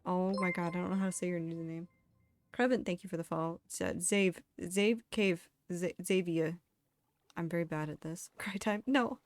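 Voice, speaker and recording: A woman's voice: fairly low pitch, steady tone, fairly quick, no room sound. A young woman streamer chatting candidly while she plays, swearing casually and reading chat messages aloud. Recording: faint music behind.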